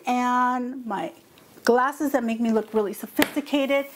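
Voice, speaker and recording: A woman's voice: fairly high pitch, measured pace, a little hiss or hum. Mock-upset woman vlogging at home. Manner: mock-upset, dramatic storytelling with quoted voices. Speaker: vlog host. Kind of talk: casual chat to camera. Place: home kitchen. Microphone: lapel mic.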